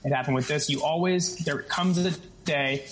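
A man with a fairly high tenor voice talks as a guest in an interview. He explains things in an animated way, restarting sentences and adding asides as he goes. A faint hiss sits under his voice. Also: normal speed, poor audio. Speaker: stage actor as guest. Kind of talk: casual interview talk.

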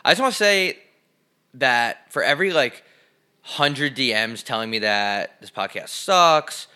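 A man's voice: medium pitch, a little slow, smooth. A young man co-hosting a podcast, casually telling stories, swearing freely and acting out the people he quotes. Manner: animated storyteller, swears, acts out quotes loudly. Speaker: podcast co-host. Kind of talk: casual storytelling chat.

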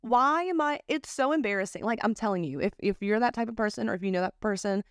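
A woman's voice: medium pitch, quick pace, dry recording, clean studio sound. A young woman hosting a podcast, giving candid advice in a casual chat, swearing freely and using lots of fillers. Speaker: podcast host.

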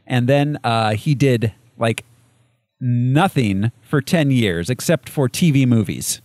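Rambling man with a lively voice. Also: medium pitch, slow pace, dry recording. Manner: rambling, many fillers and restarts, laughs often. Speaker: podcast co-host. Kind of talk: casual movie review chat.

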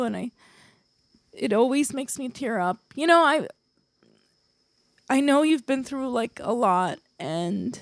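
Woman, podcast co-host, near tears, rambling, fairly high voice. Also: no echo. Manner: tearful, rambling, self-deprecating. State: close to tears. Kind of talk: emotional casual chat.

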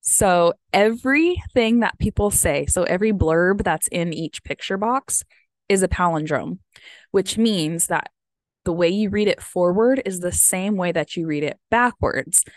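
An American woman in her thirties, a vlogger, chats casually in a fairly low voice at a measured pace, rambling with lots of "like" and "um." She's a bit sniffly from having teared up, and there's no echo.

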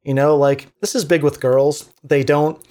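Animated, preachy man, fairly high voice. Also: normal speed. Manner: animated, preachy motivational talk with acted-out quotes. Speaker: teacher. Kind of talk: casual podcast chat.

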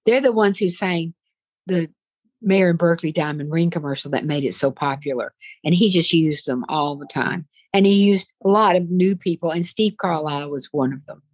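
Chatty Southern woman, lowish voice. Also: normal speed, no echo, dull audio. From American South. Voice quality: chatty, rambling, full of asides. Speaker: voice-over actress, interview guest. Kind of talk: casual anecdotal interview talk.

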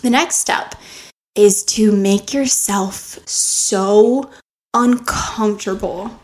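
Earnest woman coaching listeners. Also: mid-range voice. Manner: earnest, coaching, asks rhetorical questions. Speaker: podcast host. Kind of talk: motivational self-help talk. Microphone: close to the mic.

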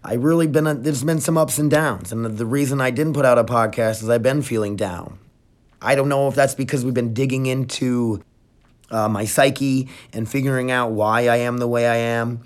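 A man hosting his own podcast, talking casually and bluntly with frequent swearing, switching from hyped gym promotion to quieter personal reflection. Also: mid-range voice, normal speed. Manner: blunt, profane, energetic then reflective. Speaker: podcast host. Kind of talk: casual solo podcast talk.

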